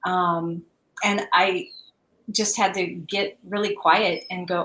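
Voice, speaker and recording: A woman's voice: lowish voice, little pitch movement, slow, bright, forceful tone, echoey room, poor audio. A woman guest in a casual interview on a video call, speaking in a heartfelt, reflective way.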